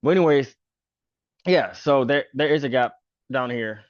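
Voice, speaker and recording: A man's voice: mid-range voice, moderate pace, dry recording, muffled recording. A man hosting a casual stock chart walkthrough, talking loosely with lots of fillers like "pretty much" and "bro". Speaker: stock trader and channel host.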